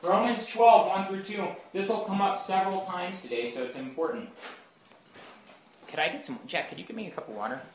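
Guy doing a casual bible talk, kinda high voice, far off mic, super echoey room. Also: fairly quick, a little hiss or hum. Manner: informal, keeps checking in with listeners. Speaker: speaker at a campus Bible group. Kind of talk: conversational Bible teaching.

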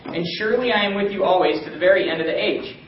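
Man teaching a small group, high voice, lively questions, distant echoey room, dull sound. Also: quick pace, slight background noise. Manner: animated, calls on listeners by name. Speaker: Bible study teacher.

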